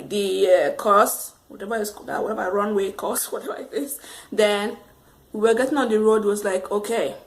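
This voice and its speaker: A woman telling a casual storytime monologue to camera, rambling and animated, laughing often. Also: on the high side. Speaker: vlogger.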